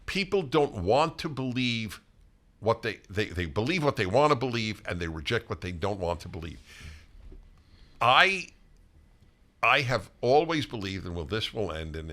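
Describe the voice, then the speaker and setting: An older man co-hosting a relaxed conversation show. His voice is bright and forward, and he talks with strong emphasis, swinging between loud bursts and quiet asides. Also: fairly low pitch. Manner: emphatic, rises and drops in volume. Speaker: podcast co-host. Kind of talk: casual chat.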